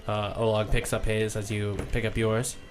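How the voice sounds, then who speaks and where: A man narrating as game master, relaxed and loose with lots of fillers. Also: on the low side, moderate pace. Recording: faint background music.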